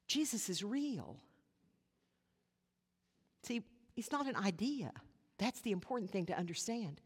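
A woman pastor delivering a sermon, earnest, with rhetorical questions and dramatic pauses. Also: medium pitch, darkish tone. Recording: long hall reverb.

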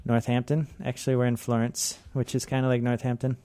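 A man hosting a community radio show, chatting in a laid-back, halting way with lots of fillers. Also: medium pitch, completely flat delivery, mellow, clear, resonant tone, no echo. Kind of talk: casual radio chat.

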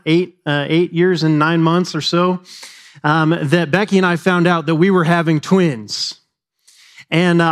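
Conversational male pastor telling a story. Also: fairly high pitch. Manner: storytelling, conversational, addresses the congregation directly. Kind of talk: sermon.

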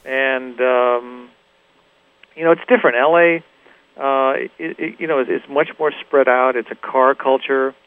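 Male musician guest, thoughtful and halting, mid pitch, thin phone-band radio audio. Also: fairly even intonation, clean tone, dry recording. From Los Angeles. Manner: halting, many restarts and "you know". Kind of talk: reflective interview talk. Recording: tinny phone-like radio recording.

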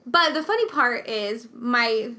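A woman's voice: on the high side, expressive, slow, bright, forceful tone. A woman in casual chat, telling a story with lots of "like" and acting out what everyone said.

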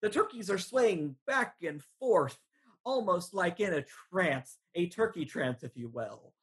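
A game master narrating a tabletop role-playing session in a relaxed way with frequent fillers. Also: medium pitch, measured pace, husky.

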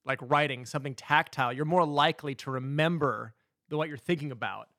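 A man chatting casually as a podcast co-host, adding quick asides and telling stories with energy. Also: fairly high pitch, dry recording, clean studio sound. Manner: animated storyteller, quick asides. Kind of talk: casual chat.

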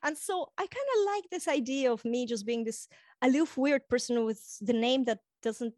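Interview guest: a chatty woman in her forties with a mixed accent, Russian-Estonian touched by Irish, a higher voice and a dry, close sound. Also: moderate pace, no echo. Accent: Russian-Estonian with Irish influence. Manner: chatty, animated, laughs easily, self-deprecating. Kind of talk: casual conversational interview.

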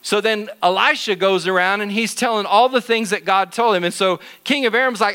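A middle-aged man teaching in church, telling a Bible story to children in an animated, jokey way. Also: sits high, brisk, few pauses, clean tone.

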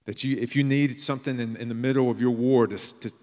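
A man preaching a sermon as a pastor, earnest and plain-spoken, sometimes dropping to a hushed storytelling tone. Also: mid-range voice, fairly even intonation, fast. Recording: long reverb of a large hall.

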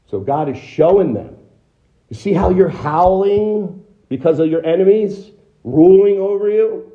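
Male American pastor, fairly high voice, conversational sermon delivery with rhetorical questions, dull muffled recording. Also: animated, unhurried. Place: church sanctuary.

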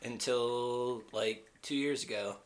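A man's voice: medium pitch, slow pace, a little hiss or hum. A young man co-hosting a podcast, chatting casually and joking, swearing freely. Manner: joking, swears freely, deadpan mock conspiracy talk. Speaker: podcast co-host. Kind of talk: casual chat.

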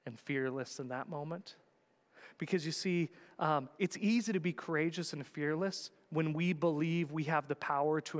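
A man preaching a sermon as a pastor, swinging between loud urgent calls and hushed quiet words. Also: on the high side, in a large hall.

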